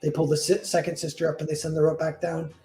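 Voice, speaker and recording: A man's voice: on the high side, monotone, fast talker, mellow, faint music behind. A man casually retelling a fairy tale, rambling with lots of "like" and correcting himself as he goes. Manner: rambling, full of "like" and self-corrections. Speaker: storyteller.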